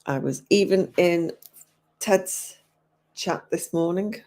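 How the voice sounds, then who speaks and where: A low, mellow English woman in her fifties chats easily on a livestream. She takes her time, answering viewers' comments aloud and laughing often as she goes. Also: slow, pauses often. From England. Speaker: livestream host. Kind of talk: casual chat with viewers.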